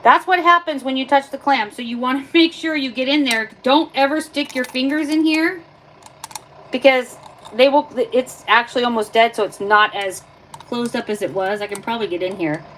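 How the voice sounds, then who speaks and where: A woman's voice: high voice, normal speed, fairly bright tone, rough recording. A woman hosting a casual livestream from her kitchen, chatting and explaining step by step while she works with her hands. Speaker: livestream host. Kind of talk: casual live demonstration. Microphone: phone. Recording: phone livestream with clear background noise.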